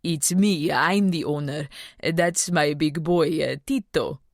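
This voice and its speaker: A woman voicing a grateful deep-voiced man who speaks politely and haltingly. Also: no echo, clean studio sound.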